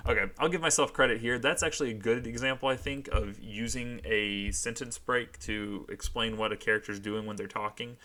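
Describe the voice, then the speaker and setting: A man's voice: medium pitch, fairly quick, hardly any pauses, pushed and bright. A young man hosting a comic read-through of his old fan fiction, self-mocking and sarcastic, at home. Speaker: channel host.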